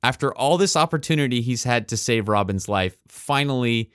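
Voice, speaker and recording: Lively, laughing male podcast co-host. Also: mid-range voice, normal speed, clear, resonant tone, no room sound, studio quality. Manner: animated, laughs often, playful. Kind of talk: casual chat.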